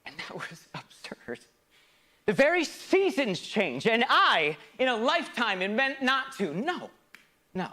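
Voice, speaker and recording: A man performing a theatrical comic monologue, swinging between loud outbursts and hushed asides in a mock-grand, philosophical manner. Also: extremely high pitch, very animated, measured pace. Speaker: stage performer.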